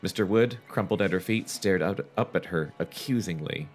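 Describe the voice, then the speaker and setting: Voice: low-pitched, moderate pace. A podcast co-host casually reading a book aloud, cracking jokes and laughing often.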